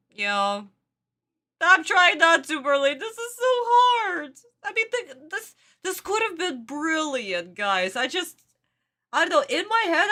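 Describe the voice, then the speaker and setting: A woman's voice: high voice, sharp tone. A woman hosting a reaction video, ranting in exasperation and laughing at what she watches. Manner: exasperated, rants and laughs at the show. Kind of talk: casual reaction commentary.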